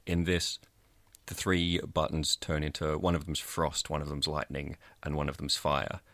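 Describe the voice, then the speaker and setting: Gravelly deep-voiced man explaining a game. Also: little pitch movement, moderate pace, a bit bright, no echo. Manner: detailed, enthusiastic explaining. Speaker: podcast co-host. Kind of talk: casual game review chat. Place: radio studio.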